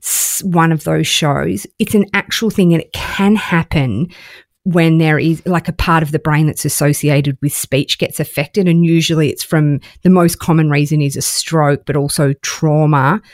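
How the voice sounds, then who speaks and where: A woman co-hosting a casual podcast, her voice set low. She talks in an animated way, full of dramatic exclamations. The sound is close and dry. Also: moderate pace, no echo. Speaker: podcast co-host. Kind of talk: casual chat.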